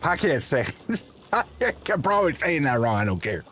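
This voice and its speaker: A man hosting a live gaming stream, chatting casually with viewers and laughing at himself in a playful, animated way. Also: on the high side, unhurried, slight background noise. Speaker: livestream host. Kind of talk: casual chat while gaming.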